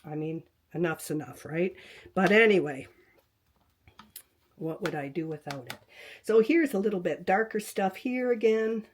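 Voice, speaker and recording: An older woman with a lowish voice chats her way through a craft demonstration, rambling and talking to herself as she paints. She now and then slips into a whisper. It sounds like a webcam recording at home. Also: a little slow, long pauses. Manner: chatty, talks to herself while working, drifts into whispers. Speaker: quilting tutorial host.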